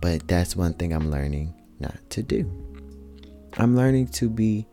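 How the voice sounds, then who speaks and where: A man's voice: sits low, expressive, measured pace, mellow, soft background music. A man talking earnestly in a reflective personal monologue, speaking colloquially to his listeners and repeating key points for emphasis.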